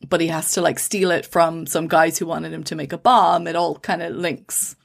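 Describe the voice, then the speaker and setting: A woman's voice: sits low, fairly even intonation, moderate pace, gravelly. A woman co-hosting a casual podcast, explaining science at length with fillers and restarts. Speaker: podcast co-host.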